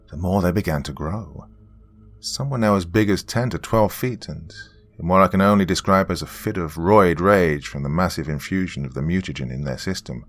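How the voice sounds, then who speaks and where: A man with a remarkably low, bass voice narrates a first-person horror tale. His delivery is grave and measured, the way a storyteller paces a tense account. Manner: grave, measured storytelling with shouted quoted lines.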